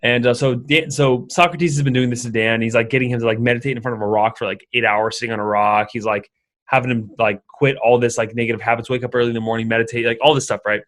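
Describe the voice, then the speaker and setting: A young man chatting casually as a podcast guest, his pitch sitting in the middle range. He rambles and circles back, trips over his own phrases and leans on fillers as he tells a story. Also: steady tone, fast talker, fairly bright tone. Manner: rambling, full of fillers and restarts. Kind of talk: casual conversation.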